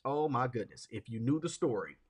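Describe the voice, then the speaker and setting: A man's voice: mid-range voice, animated, a little fast, husky. A man hosting a podcast, teaching in a motivational monologue, repeating key questions and checking in with "okay?" and "right?". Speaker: podcast host and leadership speaker.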